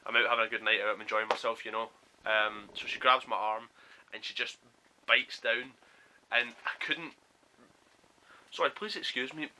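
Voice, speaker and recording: In a storytelling vlog recorded at home, a young Scottish man tells a story animatedly, acting out the quoted lines. His voice is lowish at a normal speed, and the audio is poor with a little hiss or hum.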